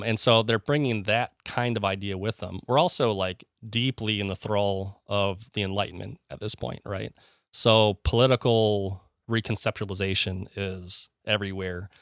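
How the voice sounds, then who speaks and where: A man's voice: fairly low pitch, a bit bright, no room sound, clean studio sound. A man co-hosting a casual podcast, talking eagerly and rambling, with many fillers and restarts. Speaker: podcast co-host.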